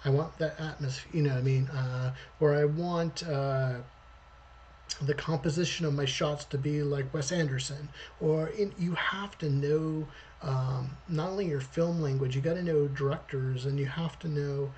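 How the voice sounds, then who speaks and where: A man's voice: fairly high pitch, steady tone, normal speed, a little mellow, a little hiss or hum. A man, a storyboard artist, giving a rambling, conversational livestream talk.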